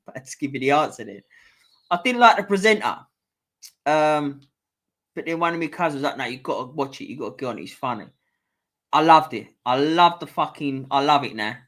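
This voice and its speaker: Young London bloke, fairly high voice, casual quizmaster, sweary and chatty. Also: male voice, fairly bright tone. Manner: swears freely, offhand banter between questions. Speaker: quiz host. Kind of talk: casual live-stream pub quiz.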